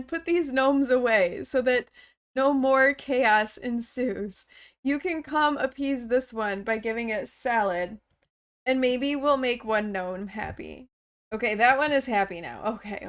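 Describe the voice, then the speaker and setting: High-voiced, excitable woman gaming. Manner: chatty, excitable, frequent gasps and exclamations. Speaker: let's play host. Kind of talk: casual gameplay commentary.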